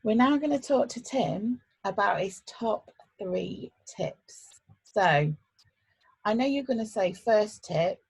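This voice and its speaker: A woman hosts a video-call chat about event planning in a businesslike, friendly way. Her mid-pitched voice is gravelly and husky, with a rough, breathy edge. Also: expressive, slow pace. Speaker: host from an events agency.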